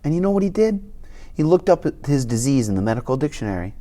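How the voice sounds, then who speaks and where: A reader doing a gentle, sorrowful woman doctor. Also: mid-range voice, very animated, pitched below the performer's own voice, close to an everyday voice. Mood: gently sad. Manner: soft, slow and quiet. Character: kind sad woman doctor, gentle and weary. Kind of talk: audiobook character voice.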